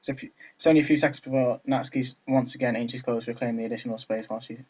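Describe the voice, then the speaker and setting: A man reads a game's story aloud and breaks in with chatty, joking comments. His voice sits at a middling pitch, and the recording sounds dull and lo-fi. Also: steady tone, rapid-fire, darkish tone. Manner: chatty, laughing asides. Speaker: let's player. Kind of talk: reading a game aloud with commentary.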